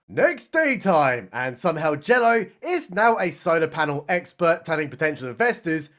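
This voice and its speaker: Animated man mocking a movie. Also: fairly high pitch, moderate pace, few pauses. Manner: mocking, exclaims often, swings between deadpan and excited outbursts. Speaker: movie reviewer. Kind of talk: sarcastic comedic film recap narration.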